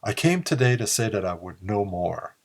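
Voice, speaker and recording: A man voicing a seductive, mysterious siren woman in a soft, purring voice. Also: fairly low pitch, big pitch swings, moderate pace, vocal fry. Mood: tempting.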